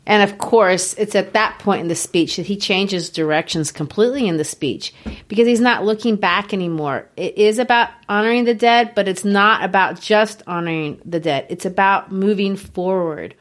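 A woman with a mid-range voice explains history. She speaks earnestly and puts clear emphasis on her points. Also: mid-range voice, moderate pace. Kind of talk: explanatory discussion.

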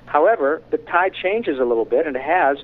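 A middle-aged voice actor telling frank, animated stories in an interview. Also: male voice, fairly high pitch, fairly quick. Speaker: voice actor guest. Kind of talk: candid storytelling in conversation. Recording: tinny phone-like line.

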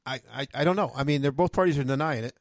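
A man co-hosts a chatty podcast, trading deadpan teasing and laughing at his own jokes. His voice sits in an ordinary middle range. The sound is dry and close, with no room around it. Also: medium pitch, fast, no room sound. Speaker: podcast co-host. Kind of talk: joking casual chat.

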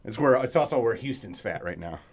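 A man's voice: fairly low pitch, animated, a little fast, noisy background. A man co-hosting a podcast, telling loose, profane stories with lots of laughter in casual chat. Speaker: podcast co-host.

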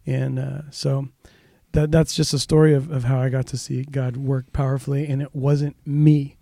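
Dark-voiced male pastor telling a story. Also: mid-range voice, moderate pace, vocal fry, no echo, studio quality. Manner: animated storyteller, raises voice for quoted dialogue. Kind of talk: casual storytelling in a podcast chat.

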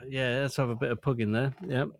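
A man's voice: medium pitch, fairly even intonation, fast. A man bantering and joking playfully in a casual podcast chat.

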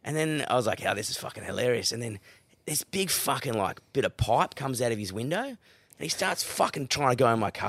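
An Australian man, a comedian, telling rowdy stories on a casual podcast, swearing freely and jumping into high quoted voices. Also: fairly quick, no room sound. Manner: swears constantly, loud animated retelling with high-pitched quoted voices. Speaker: comedian guest.

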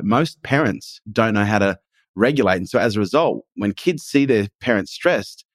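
Emphatic man, low dry voice. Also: no echo. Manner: earnest and emphatic, swears casually. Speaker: podcast guest. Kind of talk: casual conversation.

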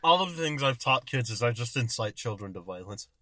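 Man co-host, very bright sharp tone, swooping lively pitch, crude joker, dry sound. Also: a little fast. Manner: crude, joking, chiming in with loud bursts. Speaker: podcast co-host. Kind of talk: casual chat. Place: in a car.

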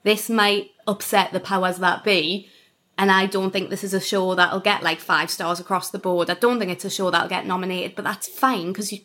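A young woman in her twenties, a comedian chatting as an interview guest. Her voice sits at a middling pitch for a woman, and she tells her stories in a lively, rambling way, full of "like" and quick laughs. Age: 20s. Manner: chatty, animated storytelling with frequent "like" and laughter. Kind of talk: casual interview chat.

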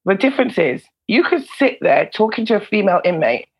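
A woman, a former prison officer and comedian, telling stories in a casual interview, animated and swearing freely. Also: medium pitch, fairly quick, slightly rough, poor audio. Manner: animated, swears freely, laughs between lines. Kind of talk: casual storytelling in a podcast interview.

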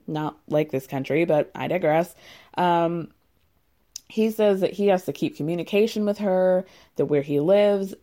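Low, mellow-voiced woman recapping, chatty. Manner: chatty and sarcastic, heavy use of "like". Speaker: reality show recapper. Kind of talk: casual chat.

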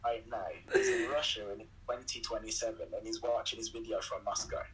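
A young man in a relaxed, rambling chat, talking earnestly and affectionately to the woman beside him. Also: fairly low pitch, a little fast, breathy edge, poor audio. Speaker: co-host of a video chat. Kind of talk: casual chat.

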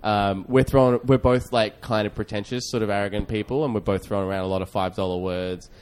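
A man's voice: on the low side, steady tone, quick pace, a little mellow, slight background noise. A man, a comedian hosting a podcast who tells a story in a rambling, self-deprecating way with lots of fillers. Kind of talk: casual storytelling.

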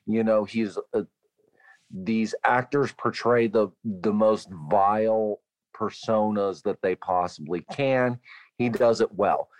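A man's voice: lowish voice, slow, no room sound. A man co-hosting a casual film discussion, talking bluntly with a lot of swearing. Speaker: podcast co-host.

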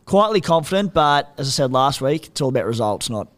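A man's voice: fairly high pitch, very animated, brisk. A young Australian man co-hosting a podcast, chatting in a laid-back, self-deprecating way. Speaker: podcast co-host. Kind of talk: casual podcast banter.

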